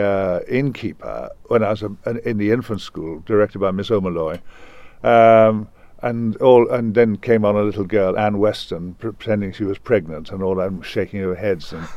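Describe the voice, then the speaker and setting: An older man from Liverpool, reminiscing in a halting, rambling way with many restarts in an interview. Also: on the low side, darkish tone, no echo, muffled recording. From Liverpool, England. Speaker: guest actor.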